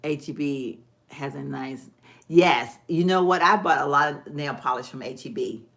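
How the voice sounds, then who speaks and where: A woman's voice: low-pitched, moderate pace, vocal fry. A woman, hosting a casual live stream and chatting folksily with viewers while she does her nails. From Texas. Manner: chatty, folksy, laughs often, talks to viewers as "girl". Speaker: vlog host. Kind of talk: casual livestream chat.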